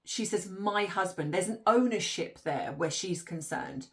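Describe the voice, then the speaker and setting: A woman's voice: on the low side, animated, unhurried. A woman, likely in her forties, hosting an opinionated commentary monologue, exasperated and ranty, often laughing in disbelief. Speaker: commentary channel host.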